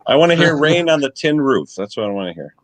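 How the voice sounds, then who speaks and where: A man's voice: medium pitch, sing-song, fast talker, a loud crowd, poor audio. A man on a live stream panel, chatting casually and joking while giving practical advice. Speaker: panel guest.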